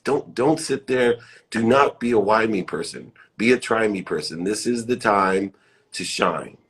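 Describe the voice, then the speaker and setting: A man's voice: lowish voice, expressive, measured pace, fairly bright tone. A middle-aged man hosting a live motivational chat, effusive and upbeat, repeating uplifting phrases. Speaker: live show host. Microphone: phone or webcam live stream.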